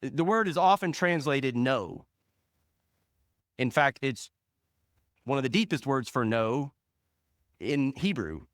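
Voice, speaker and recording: A man preaching a sermon as pastor, leaning hard on single words and letting phrase ends fall soft and low. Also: clear, resonant tone, dry recording, clean studio sound. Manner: slow, emphatic stress on single words.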